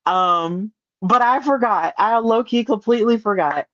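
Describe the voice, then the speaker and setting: A woman hosting a solo podcast, retelling events in an excitable, animated way with playful asides. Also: fairly high pitch, a little slow, no echo, dull audio. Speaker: podcast host.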